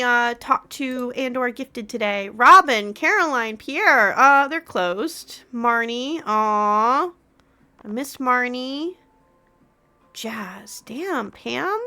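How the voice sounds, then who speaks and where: A woman's voice: high-pitched, bright, forceful tone, slight background noise. A woman streaming a farming game from home, chatting playfully with her viewers and the game's characters. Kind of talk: casual gameplay chat with viewers.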